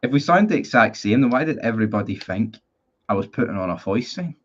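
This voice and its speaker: A man's voice: on the low side, lively intonation, fast talker. Man, 20s, Northern Irish accent, casual live-stream chat, rambling, blunt, swears, muffled lo-fi sound. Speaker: football fan streamer. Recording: dull lo-fi sound.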